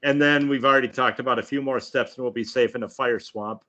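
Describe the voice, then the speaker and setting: A man's voice: medium pitch, steady tone, fairly quick, pushed and bright, muffled recording. A man co-hosting a podcast, chatting casually and hesitantly about a film. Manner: hesitant, with many fillers. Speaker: podcast co-host.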